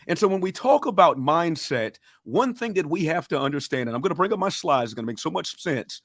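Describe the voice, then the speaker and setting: A man's voice: fairly high pitch, animated, brisk, few pauses, fairly bright tone, no room sound, studio quality. A man with a Southern accent, coaching a livestream audience in a fired-up, preacher-like way and urging them to respond. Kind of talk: motivational teaching on a livestream.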